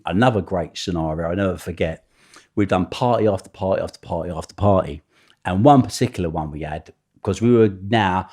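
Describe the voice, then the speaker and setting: A middle-aged man, a podcast guest telling animated stories full of swearing. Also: lowish voice. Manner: animated, swearing, acts out other people's voices. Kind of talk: storytelling anecdote.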